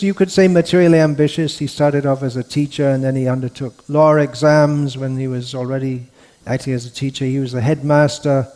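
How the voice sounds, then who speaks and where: A man giving a scriptural lecture in an unhurried, rambling way, with frequent restarts and fillers. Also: medium pitch, darkish tone. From India. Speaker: monk lecturer.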